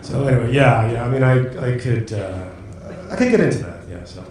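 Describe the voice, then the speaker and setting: A middle-aged man doing a stand-up routine on a comedy club stage, halting and self-deprecating, with many fillers. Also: mid-range voice. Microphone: handheld mic. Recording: echoey club with room noise.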